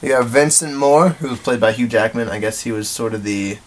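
A man co-hosting a podcast who talks in a dry, measured, slightly hesitant way in casual chat. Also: mid-range voice. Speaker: podcast co-host. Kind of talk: casual movie-review chat.

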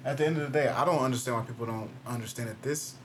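A plainspoken man states his views emphatically and quickly in a casual discussion. His pitch sits in the middle range, with faint noise in the background.

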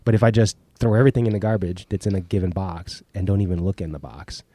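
A man's voice: sits low, fairly even intonation, fast talker, dark tone, breathy edge, no echo. A middle-aged man with a cold co-hosting a podcast, talking candidly and swearing casually. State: congested with a cold. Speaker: podcast co-host.

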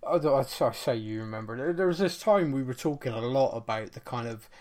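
A man, chatting as a podcast co-host, animated and laughing often as he tells stories. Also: mid-range voice, quick pace, a little hiss or hum. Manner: animated storyteller, laughs often, acts out shouting fans. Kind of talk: casual chat.

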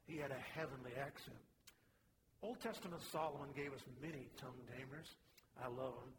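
A man's voice: a little high, in a large hall, background noise. A man preaching a sermon in a folksy, conversational way, with small personal asides. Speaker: pastor.

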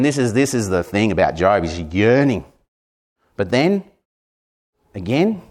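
A man's voice: medium pitch, very animated, moderate pace. Earnest Australian man preaching. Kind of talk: sermon.

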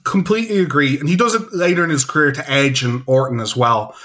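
A man's voice: fairly high pitch, a bit bright. Enthusiastic rambling male podcast host. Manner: enthusiastic, rambling fan talk with quick asides. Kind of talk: casual chat.

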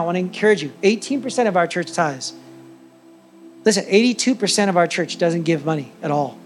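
A man preaching a sermon as the church's pastor, telling a story with animated, emphatic delivery. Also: high voice.

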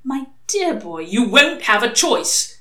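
A woman's voice: fairly high pitch, very animated, sharp tone, voice pushed up, exaggerated voice. A woman voicing a sly male demon who presses his arguments urgently. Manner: pushy, fast-pressing arguments. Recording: echoey room.

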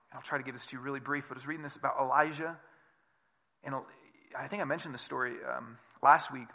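A male pastor delivering a relaxed, conversational sermon. His voice sits a little high and sounds bright and forward. He acts out the people he quotes, jumping from quiet asides to loud, emphatic lines.

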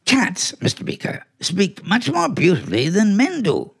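A man's voice: sits high, wildly swooping pitch, moderate pace, vocal fry, husky, full character voice. An actor playing a clever, bossy talking male house cat in a 1940s radio play, smug and theatrical. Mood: scheming.

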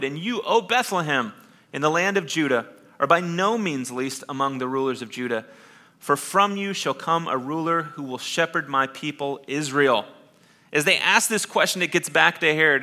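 A man pastor preaching a sermon, dropping to soft hushed lines and rising to loud emphatic bursts. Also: a little high.

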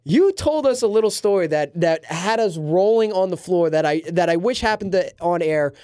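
A man's voice: sits high, expressive, moderate pace, darkish tone, clean tone, no echo, clean studio sound. A man hosting a sports podcast, talking in a casual, emphatic and assertive way. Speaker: podcast host.

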